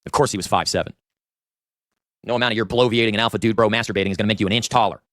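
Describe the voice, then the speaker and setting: A man's voice: on the low side, fairly even intonation, rapid-fire, fairly bright tone, dry recording, studio quality. A man hosting a watch party, giving blunt, sarcastic reaction commentary. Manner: blunt, sarcastic put-downs. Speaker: stream host reacting to clips.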